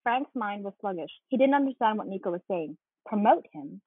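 Casting: husky-voiced woman co-host, reads aloud animatedly, phone-thin dry audio. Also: mid-range voice, lively intonation, fairly quick, no room sound. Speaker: podcast co-host. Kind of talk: casual chat and reading aloud. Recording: tinny phone-like line.

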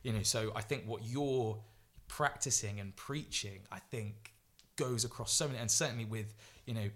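A man who is a guest athlete on a podcast, telling stories in an animated way, acting out quotes, with frequent fillers and restarts. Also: on the low side, normal speed. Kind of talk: storytelling podcast chat.

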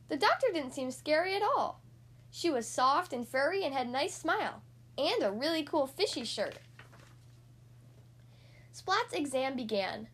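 High-voiced woman reading a kids' story. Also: animated, measured pace, a bit bright. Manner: friendly, addresses listeners as guys. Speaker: podcast host reading to kids.

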